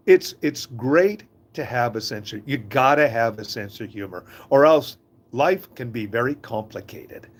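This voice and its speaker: An older man from Canada telling warm family anecdotes in a casual, chuckling monologue. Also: medium pitch. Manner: chuckling, folksy, lively storyteller. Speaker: host of a short inspirational talk.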